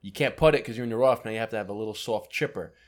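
A man co-hosting a podcast, telling a story in casual chat, animated and swearing often. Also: on the low side, rapid-fire. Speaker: podcast co-host.

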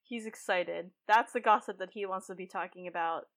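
A woman's voice: medium pitch, a little fast, a bit bright. Chatty woman podcast co-host. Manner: chatty, many "like" fillers. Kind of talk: casual book discussion.

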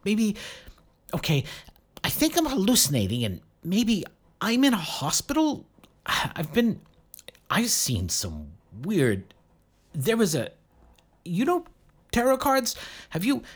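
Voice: medium pitch, sing-song, measured pace, pauses often, voice pushed up. A narrator voicing a disoriented man who stammers and rambles nervously. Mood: dazed. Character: dazed stammering stranger man.

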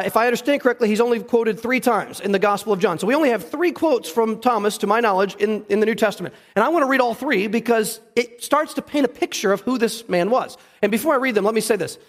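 Very high-pitched and trailed by a long reverb, a man's voice fills the church sanctuary. He's the pastor, preaching conversationally and asking the congregation questions.

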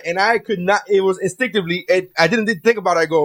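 A man hosting a podcast, a comedian telling stories in profane, animated casual banter. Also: high voice, fast talker, few pauses.

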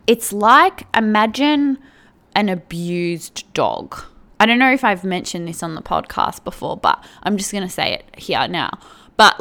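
A woman's voice: lowish voice, fairly bright tone, smooth. A woman hosting a podcast, talking in a casual, rambling way, full of "like"s and restarts. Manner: rambling, filler-heavy, with many "like"s and restarts. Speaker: podcast host.

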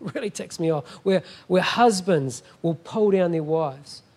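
A man's voice: high-pitched, measured pace, darkish tone. A middle-aged man preaching a sermon as a guest pastor, emphatic and often asking the congregation "Amen?".

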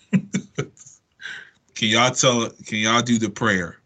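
Husky-voiced, laid-back podcast host. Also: male voice, medium pitch, fairly even intonation, extremely slow, pushed and bright. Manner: laid-back, prompting others. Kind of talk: casual podcast chat.

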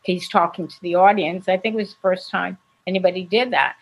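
A woman's voice: fairly low pitch, fairly quick, vocal fry, husky, poor audio. Laughing older woman telling stories. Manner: lively storyteller, laughs often. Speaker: actress and guest. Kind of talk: casual interview chat.

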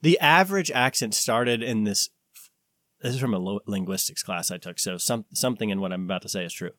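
Rambling low-voiced American man. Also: a little fast, fairly bright tone, dry recording, studio quality. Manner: rambling, searching for words with many fillers. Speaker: podcast co-host. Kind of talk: casual chat.

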